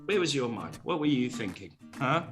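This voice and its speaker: Jokey male co-host on a video call, bright voice, faint music behind. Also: mid-range voice, moderate pace. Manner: goofy, jokey, animated. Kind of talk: playful business show chat.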